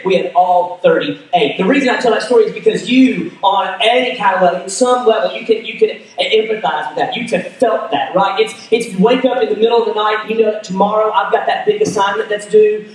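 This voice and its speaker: A man preaching a sermon as pastor, telling a story with acted-out dialogue and self-deprecating humor. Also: high voice. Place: church sanctuary. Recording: echoey hall, voice from far off.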